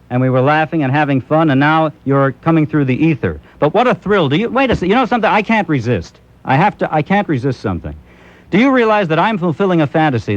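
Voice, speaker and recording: A man hosting a call-in radio show, teasing and wisecracking with a caller from the studio. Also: a little high. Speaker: talk-radio host. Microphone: studio microphone. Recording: dull lo-fi radio broadcast.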